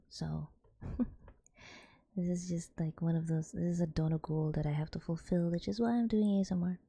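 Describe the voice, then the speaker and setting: A young woman streamer, softly whispering and giggling as she chats to her viewers in an ASMR stream. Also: on the low side, steady tone, normal speed, vocal fry, slightly rough, dry recording.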